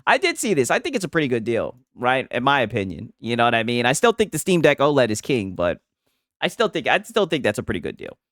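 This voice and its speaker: A man's voice: medium pitch, huge pitch swings, fast talker, a bit bright, no echo, clean studio sound. A man hosting a live stream reaction, talking in a mocking way and leaning on "right?" often. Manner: mocking, repetitive, tags lines with "right?". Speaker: streamer host.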